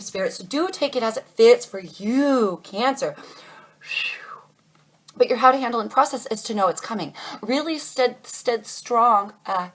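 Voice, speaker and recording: A woman's voice: medium pitch, fairly bright tone, low-quality recording. A woman giving a casual tarot reading to camera, chatty and reassuring, calling her viewers darlings. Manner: chatty, calls viewers darlings, channels spirit messages. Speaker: tarot reader.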